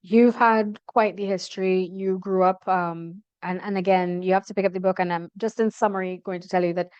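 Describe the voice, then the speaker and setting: A woman hosts a broadcast interview. Her voice is smooth and clear, and she leads her guests in a measured, encouraging way. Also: mid-range voice, fairly even intonation, darkish tone, highs cut off. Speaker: interview host.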